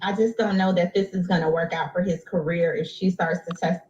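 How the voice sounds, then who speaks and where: A woman's voice: lowish voice, fairly even intonation, brisk, a little mellow, highs cut off, slight background noise. A woman giving legal analysis on television, explaining her view step by step with confidence. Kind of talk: TV legal commentary.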